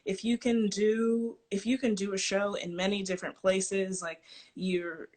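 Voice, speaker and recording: Winded, enthusiastic stage actress. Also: female voice, medium pitch, little pitch movement, measured pace, darkish tone. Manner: enthusiastic, reflective, slightly winded. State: out of breath. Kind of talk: casual video-call interview. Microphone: video call.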